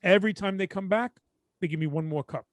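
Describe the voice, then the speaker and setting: A man's voice: high voice, quick pace, dry recording. A man with a Brooklyn accent co-hosting a podcast, telling stories in casual chat, swearing freely and acting out both sides of conversations. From Brooklyn, New York. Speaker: podcast co-host.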